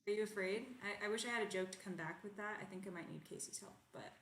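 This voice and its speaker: A woman's voice: medium pitch, fast talker, slight background noise. A woman chatting casually and cheerfully on a video call, laughing often. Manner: giggly, upbeat, laughs a lot.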